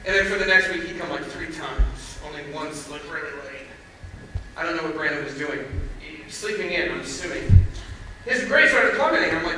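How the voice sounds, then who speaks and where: A man giving a chapel sermon, telling stories conversationally and building to loud emphasis, recorded from far off in a large hall. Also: a little high, animated, normal speed, noisy background. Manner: conversational storytelling, rising to shouts. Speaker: chapel speaker.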